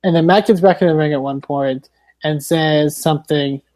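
A man's voice: on the high side, moderate pace, a little mellow. A man co-hosting a podcast, recapping with sarcastic, profane remarks in casual chat. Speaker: podcast co-host.

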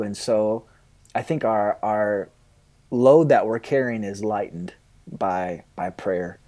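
A man, a pastor, answering interview questions in an earnest, halting way, often quoting his own prayers. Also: fairly low pitch, mellow.

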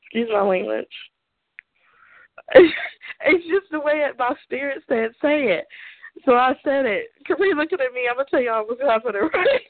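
A woman's voice: sits high, expressive, moderate pace, long pauses, no echo. A woman co-hosting a talk show, ranting her opinions bluntly, swearing freely and laughing often. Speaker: podcast co-host giving opinions. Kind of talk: casual opinion rant. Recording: tinny phone-like line, dry.

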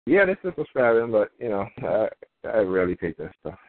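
A man hosting a call who mostly gives short, quiet agreement in casual chat. His voice sits very low, with a tinny phone-line sound. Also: very animated, brisk, no echo. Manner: brief quiet agreeing replies.

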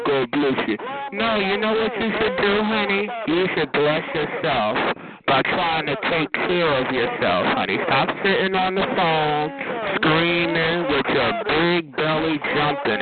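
A man on a phone chat line, mockingly roasting another caller in a sing-song voice and calling him honey and baby. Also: fairly high pitch. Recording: tinny phone line with crowded chatter.

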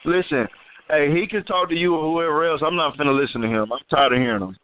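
A man's voice: fairly high pitch, fast talker. A man on a phone party line, defensive, stammering and repeating himself as he argues back. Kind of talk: heated phone argument. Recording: tinny phone line with faint hiss.

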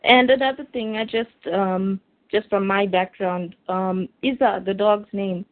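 A woman's voice: medium pitch, steady tone, dry recording. A woman co-hosting a casual podcast, chatting and adding asides about a comic book. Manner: chatty, adds asides and quick reactions. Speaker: podcast co-host. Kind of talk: casual chat. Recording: tinny phone-like line.

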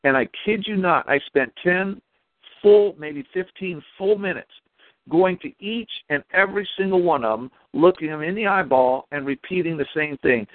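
A male caller telling a long story on a call-in show, animated and acting out his own dialogue. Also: fairly high pitch, normal speed, dry recording. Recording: dry phone line.

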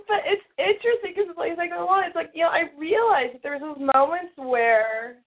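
High-voiced chatty woman on a phone line. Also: fairly quick. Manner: chatty, laughing, animated. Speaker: call participant. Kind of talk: casual chat.

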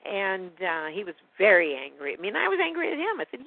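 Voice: mid-range voice, wildly swooping pitch, fast talker, creaky, no room sound. Indignant storyteller on a tinny phone line. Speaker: guest telling a personal story. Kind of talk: casual phone conversation.

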